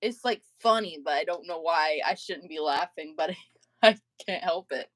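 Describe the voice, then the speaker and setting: A woman's voice: low voice, normal speed, no echo. Woman streamer, casual storyteller, loose and laughing, dry close mic. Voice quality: filler-heavy, laughs often while telling stories. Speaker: livestream host. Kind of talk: casual chat.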